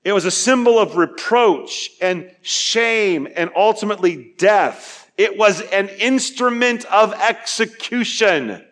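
A man preaching a sermon, earnest, asking his listeners questions and building to emphatic peaks before dropping quiet. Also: high-pitched, lively intonation, takes it slowly, few pauses. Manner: asks the listeners direct questions. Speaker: pastor.

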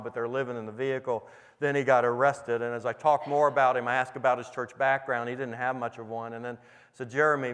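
A middle-aged man with a medium-pitched, slightly bright voice preaches, earnestly recounting a conversation he had with a young inmate as a testimony. The sermon story carries a long hall reverb.

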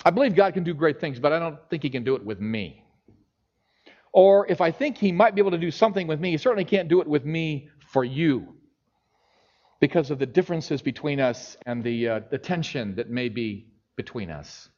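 Speaking a little fast in a higher-than-average voice, a middle-aged man preaches a sermon and tells a story, animatedly performing the voices of its characters. The recording is dull and lo-fi.

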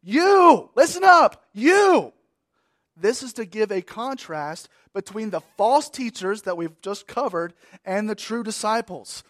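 A high-voiced man preaching a sermon at a slow, deliberate pace, leaning on repeated words for weight. He moves between raised, emphatic bursts and quiet, trailing phrases. The sound is close and dry, with no room echo. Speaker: pastor.

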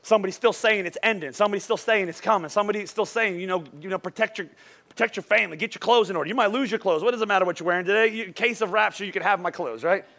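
A middle-aged male pastor preaching a lively, joking sermon in church, urging the congregation to repeat lines after him. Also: high voice, very fast. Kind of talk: lively sermon with call-and-response. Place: church service before a congregation.

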